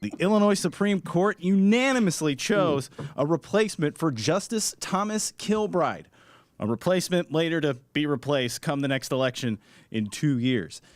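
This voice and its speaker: Man, podcast co-host, brisk wry news reading, upbeat, dry close sound. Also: fairly high pitch, dry recording. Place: podcast studio.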